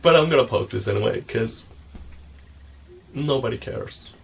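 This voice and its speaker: A man's voice: mid-range voice, expressive, moderate pace, vocal fry, slightly rough, low-quality recording. A man talking casually to camera in a meandering, self-mocking way, losing his thread and filling gaps with ums. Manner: meandering, forgetful, self-mocking, many fillers. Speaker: vlogger. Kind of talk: casual rambling monologue.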